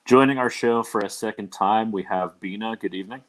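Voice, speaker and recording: A man's voice: on the low side, a little fast, a bit bright. A young man hosting a casual livestream podcast, talking in a loose, rambling way with many ums and uhs. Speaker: podcast host.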